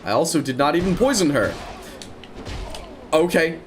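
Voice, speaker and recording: Excitable young man narrating his gameplay. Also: a little high, faint music behind. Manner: excitable, repeats words in rapid bursts. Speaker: gaming streamer. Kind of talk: let's play commentary.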